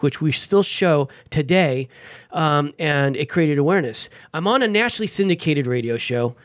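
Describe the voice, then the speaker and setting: A man, a veteran guest on an interview show, telling his story with energy and sudden jumps in pitch. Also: dry recording, clean studio sound. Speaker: guest, veteran and nonprofit founder.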